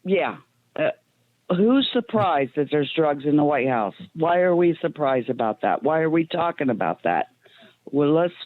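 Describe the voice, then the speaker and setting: A woman's voice: low-pitched, no echo. A woman calling in to a radio talk show, plain-spoken and emotional, with lots of ums. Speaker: caller. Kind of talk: call-in radio chat. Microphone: phone. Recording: tinny phone line.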